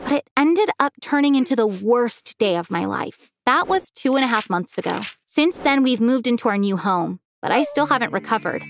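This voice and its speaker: A woman narrating a first-person animated story as a teenage girl, expressive and lively in delivery. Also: on the high side. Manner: expressive, acts out a teenage girl's feelings.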